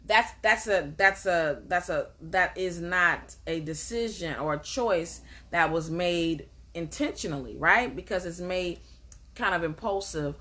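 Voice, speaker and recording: A woman's voice: lowish voice, a little slow, pushed and bright. A woman life coach giving a motivational talk, emphatic and repetitive, asking rhetorical questions and answering them.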